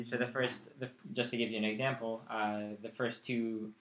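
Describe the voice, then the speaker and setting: Patient explanations and frequent check-ins with students mark this man's live-streamed chant lesson, delivered at a moderate pace in a mid-range, fairly bright voice with little pitch movement. The echoey classroom recording, made with a distant mic, carries a faint hiss or hum.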